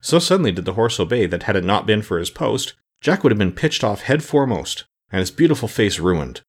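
A man reading a children's fantasy story aloud as an audiobook narrator, with expressive storytelling. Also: on the low side, brisk, breathy edge.

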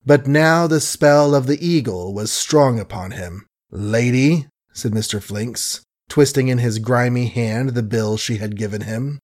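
Man, audiobook narrator, measured, wry asides, ordinary mid-range pitch. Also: a little mellow. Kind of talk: scripted literary narration.

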